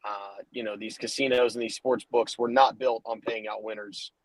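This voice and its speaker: A man's voice: on the low side, steady tone, normal speed, no room sound, low-quality recording. A man hosting a casual sports betting podcast, talking loose and hyped with lots of fillers, recorded from his car while driving. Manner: loose, hype, rambling with fillers and restarts. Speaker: podcast host.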